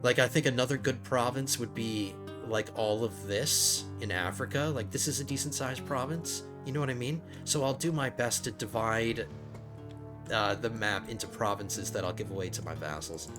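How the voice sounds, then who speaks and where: A man's voice: mid-range voice, normal speed, over music. A man hosting a let's play, thinking aloud in casual gameplay commentary, rambling with frequent restarts.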